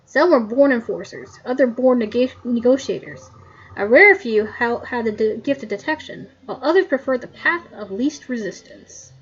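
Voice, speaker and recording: A woman's voice: on the high side, lively intonation, moderate pace, breathy edge, highs cut off. A woman playing a grumpy old coroner man. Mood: grumbling.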